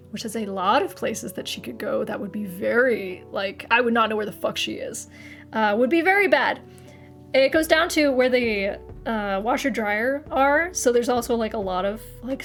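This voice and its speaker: A young woman streamer chatting casually to her live audience, rambling, swearing freely and laughing often. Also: a little high.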